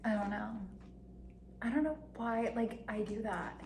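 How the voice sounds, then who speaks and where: A woman's voice: on the high side, unhurried, a little mellow. Rambling young woman, echoey room. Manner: rambling, heavy use of "like", frequent giggles. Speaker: vlogger. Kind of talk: casual confessional monologue. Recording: echoey room with faint ambient noise.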